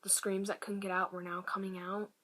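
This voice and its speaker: Hushed young woman vlogger telling a story. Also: mid-range voice, little pitch movement. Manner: halting and hushed, often dropping to a whisper; many fillers and restarts. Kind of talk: personal storytelling to camera.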